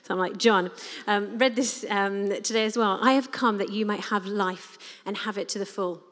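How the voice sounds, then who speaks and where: A woman's voice: medium pitch, steady tone, normal speed, fairly bright tone. Earnest woman preaching in a reverberant hall. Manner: earnest, conversational, many fillers. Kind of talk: sermon.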